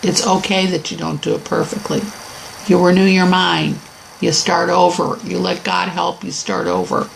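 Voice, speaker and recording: A woman's voice: lowish voice, moderate pace, gravelly, slight background noise, rough recording. A middle-aged woman teaching a Christian weight-loss lesson, speaking candidly and encouragingly about her own progress. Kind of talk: personal faith-based lesson.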